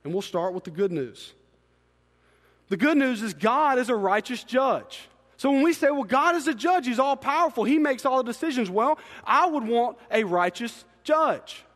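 A man preaching a sermon, animated, swinging between hushed asides and loud emphatic peaks. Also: very high voice, normal speed. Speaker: pastor. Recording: long reverb in a large hall.

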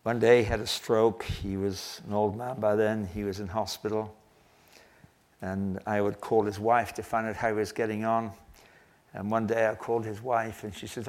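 An older man preaching a sermon, telling a story earnestly and slowing down to stress key phrases. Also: fairly low pitch, level tone, darkish tone. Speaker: pastor.

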